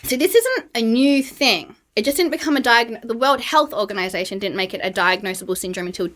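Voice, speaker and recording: A woman with an Australian accent, a podcast guest telling stories quickly in casual chat. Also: fairly high pitch, expressive, a bit bright. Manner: fast-talking storyteller.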